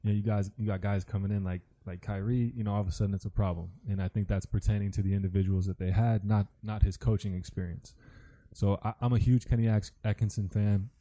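Ex-pro man, sports chat, dark level voice, sincere. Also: fairly low pitch, steady tone, fast. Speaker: former basketball player, co-host. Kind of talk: casual sports talk.

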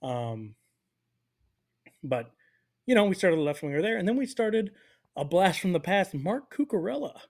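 Brief: young American man, podcast co-host, fairly high voice, animated jokey banter. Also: normal speed, pauses often. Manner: animated, joking, jumps between voices for bits. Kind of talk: casual sports chat.

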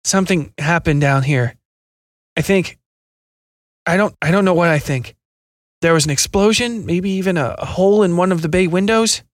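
A man reading a story, voicing an injured space station worker who talks haltingly through pain and coughs. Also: a little high, no echo, studio quality, lightly acted. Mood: strained.

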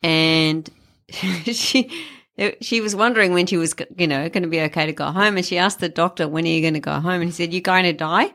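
A woman's voice: lowish voice, brisk, a bit bright. An Australian woman in casual chat, telling stories with giggles. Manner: giggly storyteller.

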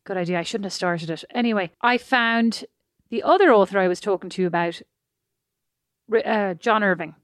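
A woman's voice: medium pitch, moderate pace, no echo. Woman co-host, chatty and emphatic, dry close mic. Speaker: podcast co-host. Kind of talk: casual chat.

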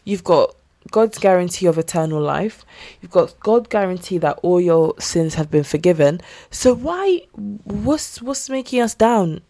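A woman's voice: fairly low pitch, animated, measured pace, warm tone. A young woman hosting a solo podcast, talking earnestly and casually about faith, with lots of fillers. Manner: chatty, earnest, with frequent fillers and laughs. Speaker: podcast host.

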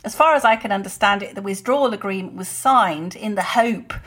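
A woman's voice: mid-range voice, brisk, fairly bright tone. A woman in her sixties, co-hosting a political podcast and speaking in an indignant, opinionated way. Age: 60s. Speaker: co-host. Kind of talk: casual political podcast chat.

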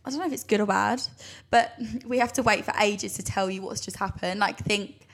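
A woman in her twenties co-hosting a podcast in casual chat, hoarse and croaky, talking in a dramatic, chatty way and laughing easily. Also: medium pitch, fairly quick. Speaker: podcast co-host.

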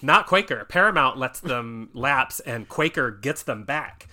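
Bright-voiced man hosting a film chat. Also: mid-range voice, lively intonation, unhurried. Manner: rambling, laughs often, lots of fillers. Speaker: podcast host. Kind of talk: casual film-discussion chat.

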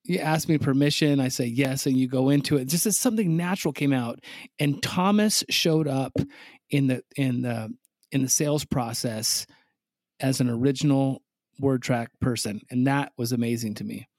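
Blunt coach guy, mid pitch, punchy and emphatic, dry close mic. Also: moderate pace, darkish tone, dry recording. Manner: emphatic, blunt, casual swearing. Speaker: sales coach host. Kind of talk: casual chat.

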